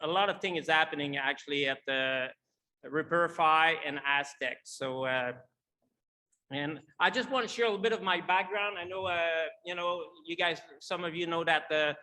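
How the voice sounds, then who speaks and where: A man's voice: fairly high pitch, normal speed, bright, forceful tone, slight background noise. A middle-aged man with a French Canadian accent, a native French speaker, giving a conference talk in English with many fillers and restarts. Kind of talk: conference presentation.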